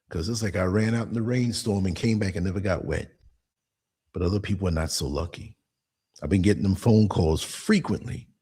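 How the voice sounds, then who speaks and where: Pitched on the low side, his voice is a little mellow and slightly rough. He's a man in his sixties hosting a podcast, where he delivers casual monologue commentary, recounting blunt, streetwise stories and dramatizing quotes as he goes.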